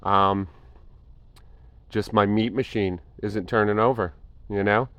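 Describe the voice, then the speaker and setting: A man's voice: on the low side, fairly even intonation, slow, fairly bright tone, no room sound. A tired man talking casually and reflectively over his workout, rambling with fillers and a self-deprecating tone. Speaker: fitness vlogger. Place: home gym.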